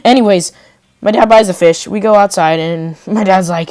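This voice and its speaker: A woman's voice: medium pitch, normal speed, darkish tone, no room sound. A woman telling a casual storytime vlog, rambling with lots of "like" and joke asides. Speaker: vlogger.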